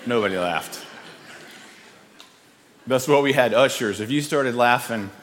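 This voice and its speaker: A man's voice: mid-range voice, unhurried, a bit bright, long reverb tail, slight background noise. A man preaching a sermon in a church, talking in a casual, conversational way with frequent restarts. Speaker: pastor. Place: church sanctuary.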